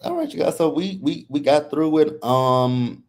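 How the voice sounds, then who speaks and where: A man co-hosting a soap opera recap livestream, laid-back and quick to laugh. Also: a little high, darkish tone. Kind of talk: casual livestream chat.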